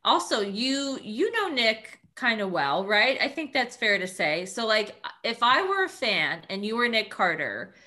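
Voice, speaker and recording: Bright-voiced chatty woman podcast host. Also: on the high side, measured pace, hardly any pauses. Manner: chatty, animated storyteller. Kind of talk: casual podcast chat.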